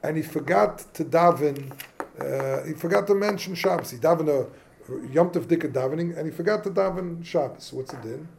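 A man's voice: a little high, fairly quick, vocal fry, a little mellow, a little hiss or hum. Man teaching Torah. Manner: casual, questioning, yeshivish phrasing mixed with English. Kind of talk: informal Talmudic lesson.

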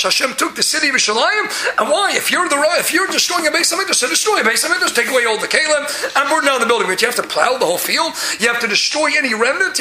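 A man giving a Talmud class in an animated way, often rising into loud emphasis. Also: very high-pitched, roomy sound, slight background noise, low-quality recording. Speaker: Torah teacher.

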